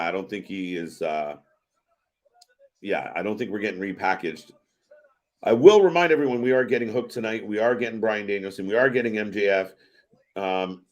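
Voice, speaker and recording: A man hosting a live wrestling watch-party stream, giving excitable, profane reaction commentary. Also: fairly low pitch. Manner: excitable and profane, swearing often.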